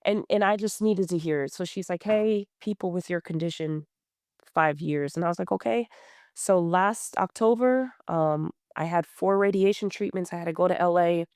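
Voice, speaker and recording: A woman's voice: on the low side, normal speed, darkish tone, smooth, no echo, studio quality. A woman in her thirties, a podcast guest, telling her story in a blunt, plain-spoken way with many fillers and restarts. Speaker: guest runner. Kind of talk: candid conversational storytelling.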